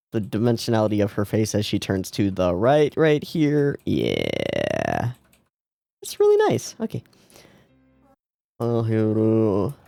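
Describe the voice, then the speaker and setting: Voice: medium pitch, creaky, a little mellow, no echo. A young adult anime reaction host giving casual, joking commentary, swearing freely and laughing often.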